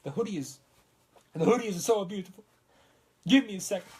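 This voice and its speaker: A man's voice: high voice, fairly quick, breathy edge. A young man rambling on a casual prop-making livestream in a put-on Italian accent, talking through a swollen lip. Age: young adult. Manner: rambling, self-mocking, trails off mid-sentence.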